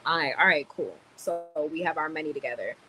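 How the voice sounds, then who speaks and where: A woman's voice: low-pitched, brisk, rough recording. Annoyed woman ranting on a livestream. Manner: animated, swearing, venting. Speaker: livestream host.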